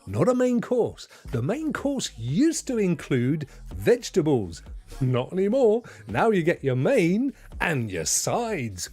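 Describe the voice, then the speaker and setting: A man's voice: a little high, huge pitch swings, takes it slowly, darkish tone, breathy edge. An English man hosting a gaming live stream, chatting casually in an opinionated, chatty way with chuckling asides. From England.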